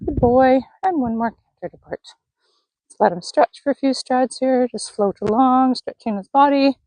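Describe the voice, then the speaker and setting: Woman horse trainer, slightly high voice, dry close sound, calm coaching tone. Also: moderate pace, no room sound, poor audio. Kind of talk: narrated lunging session. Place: outdoor arena.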